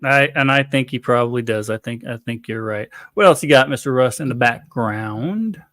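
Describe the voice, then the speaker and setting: A man's voice: mid-range voice, normal speed, a bit bright, no room sound. A man from Florida hosts a podcast in an easygoing, rambling way. He laughs often between thoughts. The recording is close and dry. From Florida, USA. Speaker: podcast host. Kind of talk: casual chat.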